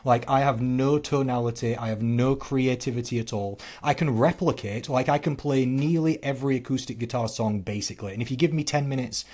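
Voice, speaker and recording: A man, a fitness coach co-hosting a podcast, talking in casual chat with punchy loud stresses and quiet asides. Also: medium pitch, fairly quick, hardly any pauses.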